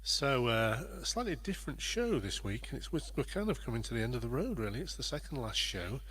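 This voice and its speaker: A man's voice: medium pitch, big pitch swings, a little fast, fairly bright tone, breathy edge. Man chatting to livestream viewers. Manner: rambling, friendly, greets viewers by name. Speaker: livestream host and performer. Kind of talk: casual chat to viewers.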